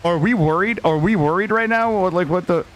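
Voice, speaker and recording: A man streaming a game live, talking casually to his chat in an excitable, slangy way and swearing freely. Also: high-pitched, fairly quick, soft background music.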